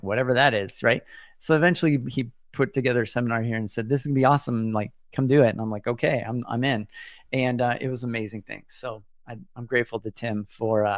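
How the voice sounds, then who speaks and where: A man's voice: medium pitch, darkish tone, dry recording, studio quality. A man in his forties hosting a solo podcast, talking in an earnest, reflective way and often restarting his sentences. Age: 40s. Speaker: podcast host.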